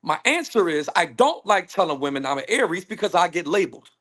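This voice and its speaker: Animated man on a panel, high lively voice. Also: brisk. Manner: animated, emphatic, acts out quoted women. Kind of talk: casual panel discussion. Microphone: phone on a call.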